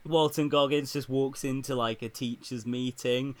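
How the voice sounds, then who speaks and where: A man's voice: mid-range voice, steady tone, normal speed. A man chatting casually about a TV show, laughing often as he talks. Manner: laughs often, acts out quotes.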